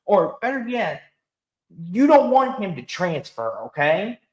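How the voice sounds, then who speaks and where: This is a man hosting a casual sports talk show, launching into emphatic rants. His voice sits a little high and swings widely in pitch. The sound carries a noticeable room echo. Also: a little slow. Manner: animated ranting, emphatic. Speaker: host.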